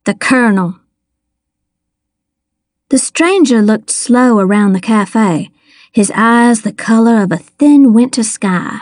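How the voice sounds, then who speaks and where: Slow, measured woman narrating an audiobook. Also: medium pitch, a little mellow, no room sound, studio quality. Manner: measured, wry storytelling. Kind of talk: first-person audiobook narration.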